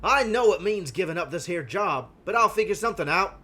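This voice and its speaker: A man's voice: high voice, lively intonation, moderate pace, fairly bright tone, pitched above the performer's own voice. A man voicing a desperate working-class father who begs in a put-on British accent to be let go home to his family. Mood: pleading.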